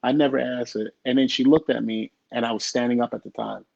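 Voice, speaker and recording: A middle-aged man, a guest in an interview, telling a personal story in an animated way and acting out the dialogue. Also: mid-range voice, fast, gravelly. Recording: dull lo-fi recording.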